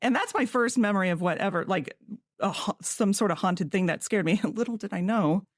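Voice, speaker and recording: A chatty woman from California talks casually on a podcast, laughing often and tossing in quick asides. Her voice sits at an ordinary middle pitch, recorded close and dry with no room sound. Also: no echo. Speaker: podcast co-host. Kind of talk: casual chat.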